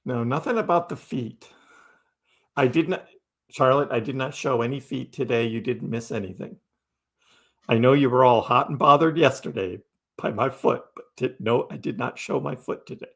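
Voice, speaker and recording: This crypto livestream host talks casually with his audience, responding to their messages as he reads them. He has a mid-range, gravelly voice at a moderate pace.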